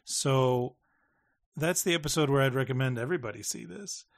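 A man's voice: medium pitch, moderate pace, vocal fry. A man hosting a casual review chat, enthusiastic and emotional, joking about his age. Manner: enthusiastic, emotional, self-deprecating.

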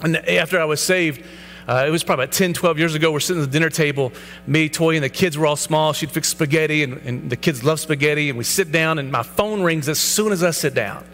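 Talking fast in a slightly high, somewhat bright voice, a man in his thirties preaches a personal testimony sermon as a pastor. He earnestly relates his story and acts out the dialogue; hall reverb and a faint hum mark the recording.

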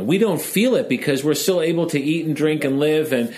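A man's voice: on the high side, a little fast, a little mellow. A man from Chicago hosting a casual discussion, talking in a chatty, joking way and retelling a story. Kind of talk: casual discussion of Jewish texts.

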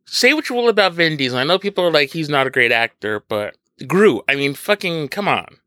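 A man talking films in a relaxed podcast chat, his pitch bouncing up and down as he gets excited. His voice is bright and a little high, recorded close with no room sound. He jokes around and slips into quick mock impressions. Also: no echo. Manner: animated, laughs often, does mock impressions. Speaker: podcast co-host. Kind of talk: casual film review chat.

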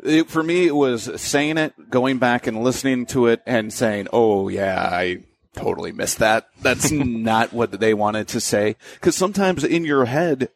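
A young adult man, a sports broadcaster and voiceover announcer, talks through his career in a relaxed way, with many fillers and restarts. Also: mid-range voice, unhurried, hardly any pauses. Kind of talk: conversational interview.

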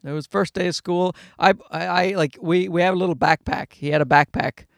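A man's voice: high-pitched, fairly even intonation, a little fast, creaky, a bit bright, no room sound, clean studio sound. A man chatting casually to his viewers as a vlogger, blunt and profane, often restarting his sentences. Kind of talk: casual personal chat to camera.

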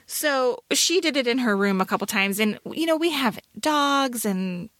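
A woman's voice: a little high, expressive, a little slow, a bit bright, dry recording. A middle-aged woman co-hosting a podcast, telling a self-mocking story in casual chat, full of fillers. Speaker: podcast co-host.

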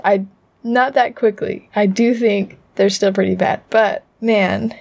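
A woman with a Utah accent co-hosting a podcast, chatting in a quick, animated and playful way. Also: medium pitch, gravelly, highs cut off. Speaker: podcast co-host. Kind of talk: casual chat.

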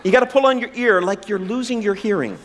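A man's voice: high voice, fast talker. A man in his forties preaching a sermon, conversational and humorous with self-deprecating asides. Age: 40s. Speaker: pastor.

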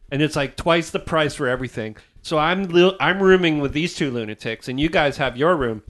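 A man in casual band chat, telling tour stories in an animated way, acting out quotes and swearing. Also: fairly high pitch, a little fast, few pauses.

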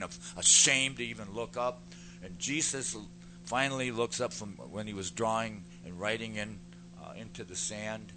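A man's voice: lowish voice, steady tone, normal speed, background noise. A man preaching a sermon with fervent emphasis, repeating words to stress his points.

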